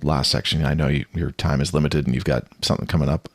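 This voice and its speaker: A man's voice: very deep voice, steady tone, quick pace, dry recording, studio quality. A man hosting a podcast interview, speaking in an earnest way and often repeating words. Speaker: podcast host.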